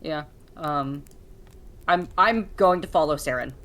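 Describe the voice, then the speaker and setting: A man's voice: fairly high pitch, unhurried, sharp tone. A man playing a tabletop game online, flustered and apologetic in casual chat. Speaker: player.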